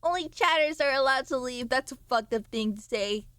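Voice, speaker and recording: Brief: young-sounding woman streamer, high-pitched, sleepy and rambly, dry close mic. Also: normal speed, a bit bright, clean tone, dry recording. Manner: playful, rambling, sudden squeals and mock voices. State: sleepy, yawning. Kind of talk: casual chat with stream viewers.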